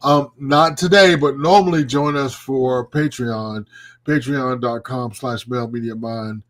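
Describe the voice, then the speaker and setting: A man co-hosting a live talk show in casual banter. He talks in an animated way, swears freely and laughs often. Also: mid-range voice, measured pace. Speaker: co-host.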